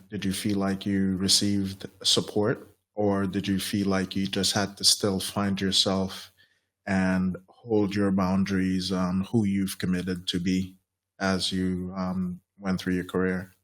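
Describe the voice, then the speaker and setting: A male podcast host asks calm, probing follow-up questions. His voice sits low and stays level, with little rise or fall. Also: measured pace. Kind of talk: interview questions.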